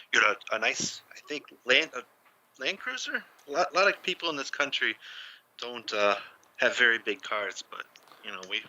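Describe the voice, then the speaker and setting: A man's voice: mid-range voice, bright, forceful tone, dull audio, heavily acted. A man playing a hesitant male tourist who stammers, repeats words and fumbles his phrasing.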